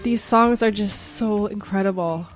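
Woman co-host, casual chat, eager reactions, middle pitch. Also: unhurried, soft background music. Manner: enthusiastic short reactions. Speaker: podcast co-host.

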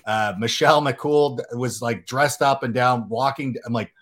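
A man hosting a casual podcast, telling jokey, animated stories and acting out quotes. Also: mid-range voice, a little slow. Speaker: podcast host.

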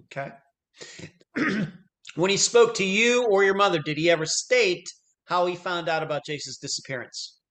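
A man's voice: high-pitched, moderate pace, a bit bright. A man conducting an investigative interview, methodical and probing with follow-up questions.

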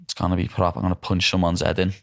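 Fast-talking low-voiced Scouse man. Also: level tone, gravelly. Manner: swears freely, says "lad" and "know what I mean" often. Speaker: podcast host, fighter. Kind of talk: casual chat.

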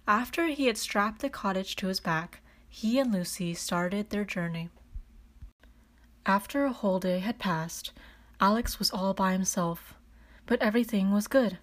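A woman reading a children's storybook aloud as narrator, calm and even. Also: medium pitch.

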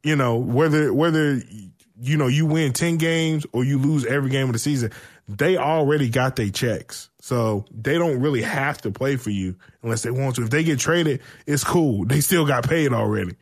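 A man's voice: medium pitch, normal speed. Casual man telling football stories. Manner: animated storytelling, swearing, laughs often. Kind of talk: casual sports chat.

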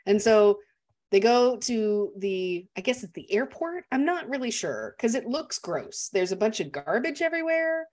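A woman casually discussing a film as a podcast co-host, chatty and animated. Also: on the high side, normal speed. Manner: chatty and animated, laughs often.

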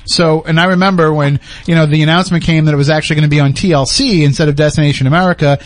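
A man's voice: fairly high pitch, steady tone, dry recording. A man hosting a casual podcast chat who likes to tease his guests. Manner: fast-talking and teasing. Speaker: podcast host.

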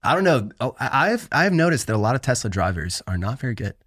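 A man's voice: quick pace, breathy edge, no echo, studio quality. A man co-hosting a casual sports podcast, telling stories with growing animation. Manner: animated storyteller, rising pitch when worked up. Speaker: podcast co-host.

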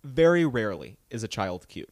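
A man's voice: on the low side, big pitch swings, moderate pace, no room sound, studio quality. A young man co-hosting a podcast, chatting animatedly about celebrity gossip and mimicking people in put-on voices. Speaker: podcast co-host. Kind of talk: casual gossip chat.

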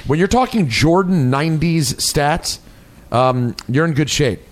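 A man's voice: on the high side, expressive, unhurried. Male sports radio co-host.

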